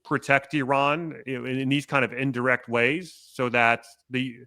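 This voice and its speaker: Bright-voiced male interview host. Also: mid-range voice, flat delivery, measured pace. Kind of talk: interview questions.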